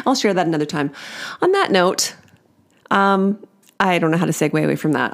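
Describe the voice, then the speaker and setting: A woman's voice: fairly low pitch, lively intonation, fairly quick. A woman in her forties hosting a podcast, reading a funny personal parenting story aloud with chatty, wry asides and laughing at her own jokes.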